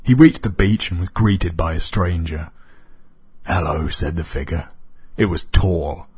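A man reading a comic story aloud as narrator, in a deadpan manner. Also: low-pitched, unhurried, slightly rough.

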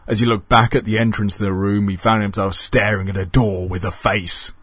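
A man reading a comic horror story aloud in a wry, deadpan way. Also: on the low side, a little fast, slightly rough, dry recording.

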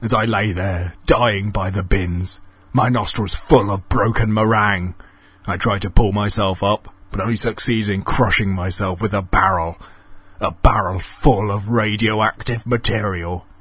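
A man doing a rasping, sneering meringue monster. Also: lowish voice, fairly even intonation, a little slow, fairly bright tone, no echo. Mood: menacing. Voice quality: raspy.

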